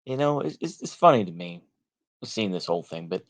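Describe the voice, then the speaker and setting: A man with a Texan accent talks in a rambling, off-the-cuff monologue, full of fillers and verbal tics. He is blunt and sarcastic and swears freely, and his voice sits a bit on the low side. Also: very animated, brisk. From United States. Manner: rambling, many fillers and repeated "like I say". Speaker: political commentary vlogger. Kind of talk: casual monologue.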